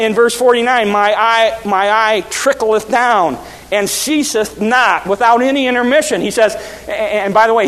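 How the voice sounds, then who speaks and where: High-voiced man preaching in a hall. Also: a bit bright. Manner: earnest, with frequent restarts and repeated words. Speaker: pastor. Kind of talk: sermon. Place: church.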